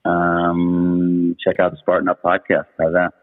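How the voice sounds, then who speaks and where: A man's voice: sits low, completely flat delivery, unhurried. A man answering interview questions with brief, offhand replies. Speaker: interview guest, company CEO. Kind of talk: casual podcast interview. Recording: tinny phone line with long reverb.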